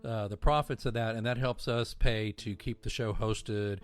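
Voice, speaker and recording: A man's voice: fairly low pitch, fairly even intonation, moderate pace. A man co-hosting a fan podcast, talking casually and rambling upbeat about the show and its merchandise. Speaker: podcast co-host.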